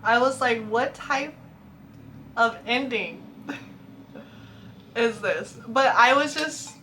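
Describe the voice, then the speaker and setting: Chatty young woman with a bright voice. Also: on the high side, slow, a little hiss or hum. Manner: chatty, laughs often, animated. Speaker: book vlogger. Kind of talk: casual chat reacting to reviews.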